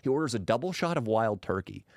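A man telling a crude story in a casual podcast chat, profane and animated. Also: quick pace, gravelly, no room sound, studio quality. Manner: animated, profane, mimics people in high put-on voices. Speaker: podcast guest.

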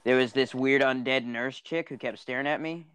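A man's voice: medium pitch, moderate pace, a bit bright, clear, resonant tone, no echo. A man co-hosting a podcast, telling stories in casual chat and acting out the voices of people he quotes. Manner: storytelling, joking, acts out quoted voices. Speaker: podcast co-host.

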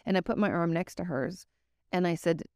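A woman's voice: fairly low pitch, a little fast, a little mellow, no room sound, studio quality. A woman therapist talking casually and candidly to her viewers, giving advice and now and then swearing. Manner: candid, conversational, occasionally swears.

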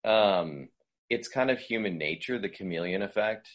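Deep-voiced man rambling through advice. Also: expressive, normal speed. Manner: loose and rambling, many fillers and restarts. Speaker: guest voice coach. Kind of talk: conversational advice.

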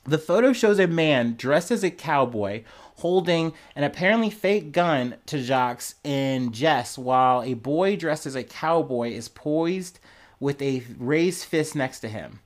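A man hosting his own podcast, giving casual solo news commentary in a blunt, profane and animated way. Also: on the high side, a little slow. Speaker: podcast host.

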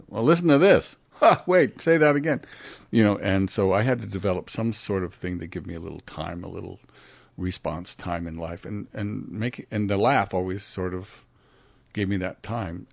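An older man, a guest actor, telling stories in a casual interview and acting out the quotes with big jumps in pitch. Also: vocal fry, no echo. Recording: dry, slightly muffled studio audio.

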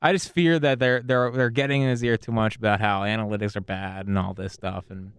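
A man with a smooth, resonant voice in a casual sports chat. He talks things through in a loose, laid-back way, full of fillers. The sound is dry and close. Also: on the low side, steady tone, a little fast, no room sound. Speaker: sports podcast co-host.

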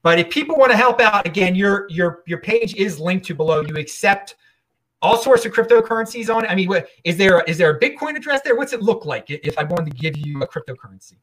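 A male podcast host in easy, casual conversation with his guest. His pitch swings widely as he talks, and he trips over his words and restarts his sentences. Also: fast, rough recording. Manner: animated, stumbling restarts. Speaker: show host. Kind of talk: casual interview chat.

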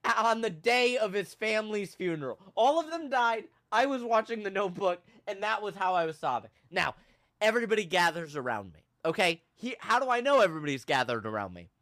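A young man hosting a podcast, telling a funny story with animated, self-mocking drama and big swings in his voice. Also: sits high, a little fast. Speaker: podcast host. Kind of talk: comedic storytelling in casual chat.

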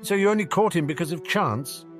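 Protective grown man, sharp and demanding, man voicing. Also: high-pitched, expressive, brisk, soft background music, pitched above the performer's own voice. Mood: angry.

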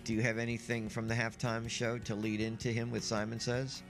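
A man hosting a sports talk show in casual chat, lively and emphatic. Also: fairly low pitch, brisk, gravelly, faint music behind.

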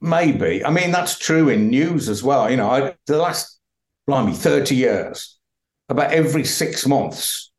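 A man's voice: medium pitch, expressive, unhurried. A middle-aged man, chatting as a podcast guest and laughing through his stories. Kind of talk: casual chat. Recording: roomy echo.

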